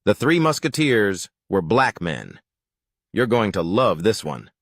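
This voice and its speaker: A man's voice: lowish voice, sing-song, measured pace, no echo. A man presenting a history argument, reading out quotes from his sources in a declarative way. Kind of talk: lecture-like narration.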